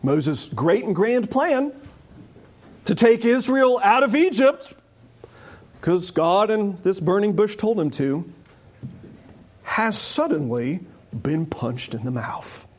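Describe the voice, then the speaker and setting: A man preaching to his congregation with a high voice. He talks in an animated, joking way and slips into quoted voices as he explains the text. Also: slow pace, long pauses. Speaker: pastor. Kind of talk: sermon.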